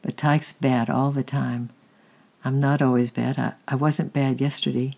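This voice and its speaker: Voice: medium pitch, flat delivery, a little slow, creaky, darkish tone. A reader voicing an unhappy little boy who has been sulking and is sorry now, in a plain reading voice with small stumbles. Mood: wondering.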